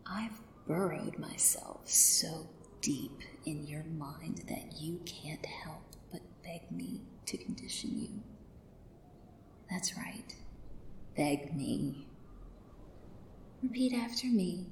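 A woman in a commanding yet soothing whispered role-play, drifting between a soft voice and a whisper. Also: low voice, slow, long pauses. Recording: roomy echo, faint background hiss.

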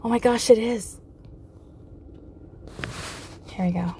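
A woman's voice: a little high, brisk, slight background noise. A woman chatting casually and hesitantly, with frequent ums. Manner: hesitant, many ums, soft-spoken. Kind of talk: casual chat.

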